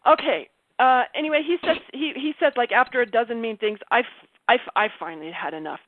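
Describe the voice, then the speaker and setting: A woman candidly telling a personal story on a group call, animated and laughing, often breaking off mid-sentence. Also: fairly high pitch, brisk, dry recording. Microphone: video call. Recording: tinny phone-like call audio.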